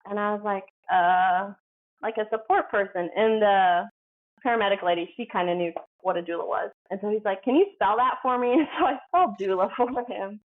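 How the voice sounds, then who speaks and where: Female guest, rambling storyteller voice, mid pitch, narrow phone audio. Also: a little fast. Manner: chatty, heavy use of "like", acts out quoted dialogue. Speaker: podcast guest. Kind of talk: casual storytelling.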